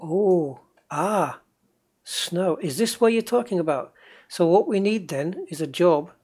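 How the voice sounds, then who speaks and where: With a high, slightly rough, darkish voice, this man speaks at a measured pace and with lively intonation. A gaming host faintly accented from northeast England, he chats casually through a truck game, talking to himself and answering his chat.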